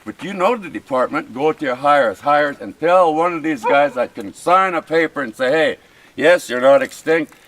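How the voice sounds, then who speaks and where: Fired-up guy pleading his case, kinda high voice, keeps repeating himself, outdoors at a camp. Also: lively intonation, normal speed, few pauses, a bit bright, rough recording. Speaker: First Nations chief. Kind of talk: heated face-to-face argument.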